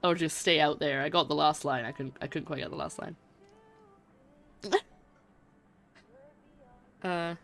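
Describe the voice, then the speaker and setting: Over faint game music, a female streamer gives relaxed let's-play commentary, chatting with viewers and joking at her own expense. She speaks in a low, slightly bright voice, a little slowly and with frequent pauses.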